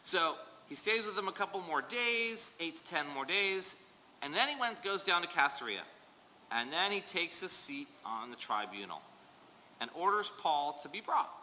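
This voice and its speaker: Male Bible study teacher, chatty and animated, bright tone, long room reverb. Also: on the high side, normal speed. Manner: animated, digressive, joking asides. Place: church hall. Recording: reverberant hall, faint noise.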